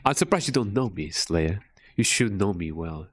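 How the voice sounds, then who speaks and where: Man reading as a calm, menacing female entity. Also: sits low, normal speed, pitched below the performer's own voice. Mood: ominous.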